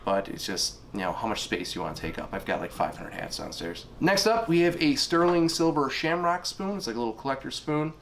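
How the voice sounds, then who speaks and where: A man's voice: on the high side, very animated, a little fast, few pauses, a bit bright, a little hiss or hum. A middle-aged man casually running through items he sold online, rambling with fillers and unsure asides. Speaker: online reseller. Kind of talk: casual spoken sales rundown.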